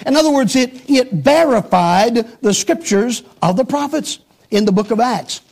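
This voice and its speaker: A man's voice: very high voice, animated, measured pace, vocal fry, darkish tone. A middle-aged man preaching a sermon emphatically, repeating phrases for stress and climbing sharply on rhetorical questions.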